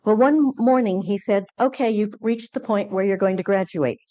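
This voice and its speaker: A woman speaking at a conference, telling a personal story with lively acted-out dialogue and frequent fillers and restarts. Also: mid-range voice, normal speed, lo-fi sound. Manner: animated storytelling, acting out quoted dialogue. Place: conference lecture hall.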